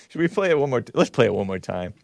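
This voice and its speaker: A man's voice: very animated, quick pace, creaky, no echo. Mocking male talk show host, dry sound. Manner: mocking, laughing asides, jumpy pitch. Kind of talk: casual political commentary.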